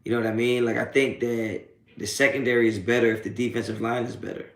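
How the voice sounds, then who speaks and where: A man's voice: mid-range voice, fairly even intonation, quick pace, echoey room. A man hosting a live post-game sports reaction stream, reading chat and trash-talking trolls with streetwise slang and constant swearing. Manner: profane, streetwise trash talk; taunting, laughing off trolls. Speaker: sports talk livestream host.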